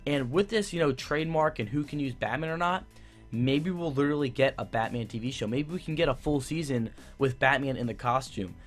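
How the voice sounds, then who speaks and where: A man's voice: medium pitch, animated, fairly quick, soft background music. A young man giving a casual, enthusiastic TV review that rambles, with many fillers and restarts. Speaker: YouTube TV reviewer.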